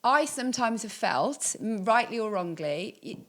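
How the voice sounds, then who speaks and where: A woman's voice: on the high side, animated, normal speed. A woman with a Birmingham accent who hosts a podcast and asks questions in a candid, reflective way with hesitant restarts. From Birmingham, England. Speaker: podcast host. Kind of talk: conversational interview.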